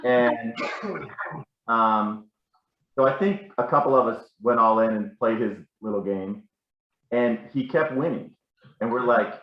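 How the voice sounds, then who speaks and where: A man's voice: medium pitch, moderate pace, roomy sound, highs cut off. A man telling rambling, self-correcting stories about a family member at a casual gathering. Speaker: family member sharing memories.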